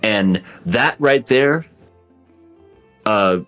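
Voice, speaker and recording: Male podcast co-host, low and lively, slow crude storyteller, light music bed. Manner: crude, laughing, drawn-out storytelling. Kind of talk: casual podcast chat.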